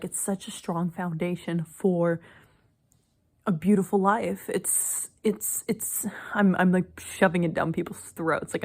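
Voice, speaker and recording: Rambling young woman vlogger, low-pitched. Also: darkish tone. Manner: rambling, filler-heavy, frequent "like" and swearing. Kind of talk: casual personal vlog.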